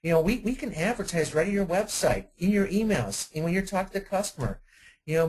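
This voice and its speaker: A high-pitched man talks quickly in a webinar for car sales staff, over a low-quality recording with a little hiss or hum. He is a dealership sales trainer with an energetic, conversational style who asks many rhetorical questions.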